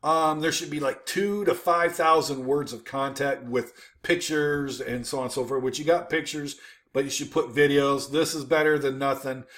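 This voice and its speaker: A man giving a casual, informal commentary while critiquing websites on his screen, talking with many fillers and restarts and punching points with an emphatic "boom.". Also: steady tone, moderate pace, a bit bright.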